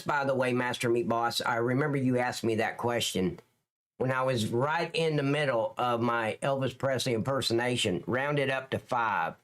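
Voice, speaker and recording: A man's voice: mid-range voice, moderate pace, fairly bright tone. A man with a Southern Alabama accent, hosting a livestream in a joking, rambling way and talking to his chat viewers by name. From lower Alabama, US. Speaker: livestream host.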